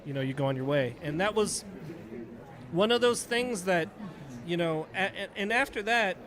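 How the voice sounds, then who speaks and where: A man's voice: high voice, lively intonation, normal speed, fairly bright tone, a little hiss or hum. A middle-aged man, a retired Navy chief, casually telling a story on a podcast and acting out the dialogue.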